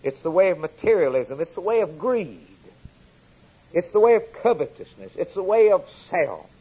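A man delivers a sermon with a husky, somewhat high voice. He hammers phrases again and again, letting his voice rise for emphasis and then sink low. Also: very animated, moderate pace, mellow, low-quality recording. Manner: repetitive emphatic preaching cadence, rising and falling. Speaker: preacher.

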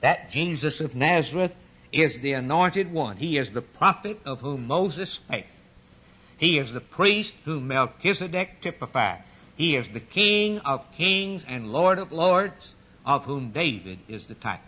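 Husky man preaching an emphatic sermon. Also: on the high side, lively intonation, unhurried, pushed and bright. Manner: emphatic preaching with repetition and dramatic retelling.

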